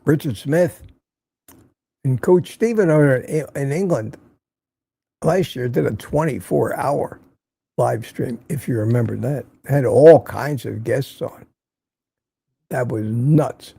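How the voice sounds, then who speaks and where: A man's voice: medium pitch, takes it slowly, gravelly, long pauses, dark tone, husky, no echo. An older man hosting a casual livestream from Florida, reading viewer comments aloud and teasing them in a chatty way. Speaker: livestream host. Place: home in Florida.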